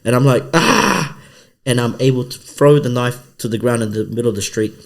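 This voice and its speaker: A man's voice: medium pitch, quick pace. A man, a comedian and podcast co-host, telling a story in casual chat and acting out the other people's voices. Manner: animated storyteller who acts out the voices of others.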